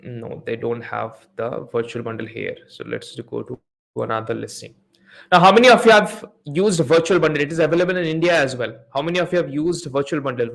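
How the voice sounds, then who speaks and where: A man runs a live online Q&A, walking viewers through examples on his shared screen. He explains step by step, often repeats himself, and asks the audience to type in answers. His voice sits in a middle pitch range for a man. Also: gravelly. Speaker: host of a live Amazon PPC Q&A session.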